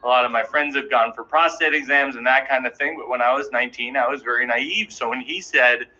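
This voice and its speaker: A man in his thirties telling a stand-up comedy story in an anxious, self-deprecating, animated way. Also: medium pitch, fairly quick. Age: 30s. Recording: dull, noisy live recording.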